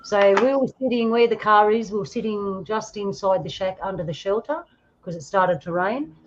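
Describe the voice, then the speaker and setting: A woman's voice: medium pitch, normal speed, dull audio, a little hiss or hum. A woman with an Australian accent hosting a casual chat, telling stories about her photos and laughing often. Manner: laughing, storytelling, acts out quoted voices. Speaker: host.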